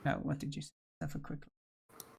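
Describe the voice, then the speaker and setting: A man's voice: a little high, completely flat delivery, brisk, creaky, a little mellow, slight background noise. A man hosting a live stream and chatting casually as he works through a tutorial, thinking aloud and joking at his own expense. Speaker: livestream host learning game development. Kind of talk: casual live-stream chat while working.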